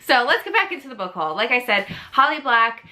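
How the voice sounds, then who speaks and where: Bright-voiced chatty New York woman. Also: on the high side, sing-song, brisk. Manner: chatty, gushing, rambling, laughs often. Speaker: book vlogger. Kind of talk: casual chat.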